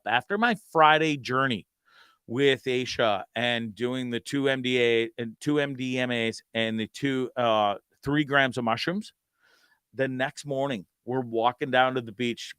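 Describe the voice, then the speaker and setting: A man's voice: mid-range voice, a bit bright, clear, resonant tone, no echo. A male host telling a rambling, profane story with many stammered restarts. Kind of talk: casual storytelling.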